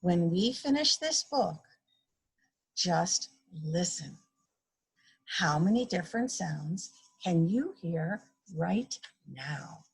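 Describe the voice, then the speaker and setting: A woman reads a picture book aloud to children over a video call. Her voice is husky and gravelly, her delivery unhurried, and her pitch swings widely as she acts out each sound. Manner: slow, expressive read-aloud with animal sound effects. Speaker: guest story reader.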